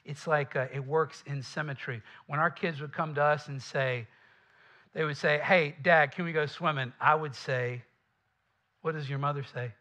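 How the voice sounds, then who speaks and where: Southern guy preaching to his church, bright voice, chatty and lively, kinda high. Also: normal speed. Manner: lively, conversational preaching with asides to the congregation. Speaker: pastor. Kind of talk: sermon.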